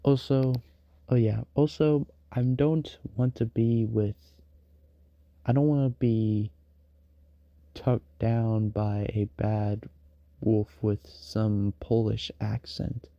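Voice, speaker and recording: A man's voice: on the low side, little pitch movement, slow pace, no echo, lo-fi sound. A man rambling in a casual late-night stream monologue, full of fillers and restarts. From United States.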